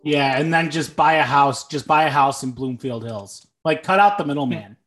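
A man's voice: a little high, normal speed, a bit bright. A young man co-hosting a podcast, making dry sarcastic jokes between thoughtful takes, with frequent ums and uhs. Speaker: podcast co-host. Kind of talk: casual sports and movie chat.

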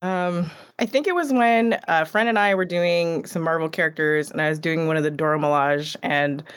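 Animated woman telling a story. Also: sits low, normal speed, clear, resonant tone. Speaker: cosplayer guest. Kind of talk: casual panel chat.

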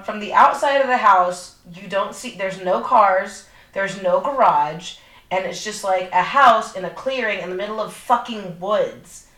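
A young woman co-hosting a podcast, retelling a movie plot in casual, profane chat, full of fillers. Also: medium pitch. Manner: profane, animated storytelling with lots of fillers. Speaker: podcast co-host. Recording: echoey room.

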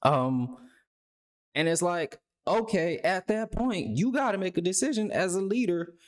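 A man's voice: animated, a little slow. A man hosting a podcast, talking in a rambling, casual way, swearing freely and restarting his words. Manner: rambling, profane, repeats words, voices imagined people with a raised pitch. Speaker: podcast host. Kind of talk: casual commentary.

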